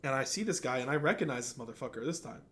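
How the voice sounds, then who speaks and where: A man's voice: mid-range voice, racing, slight background noise. A man hosting a casual podcast chat, telling a story with lots of swearing and acted-out quotes. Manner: animated storyteller, swears freely, acts out quotes. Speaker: podcast host.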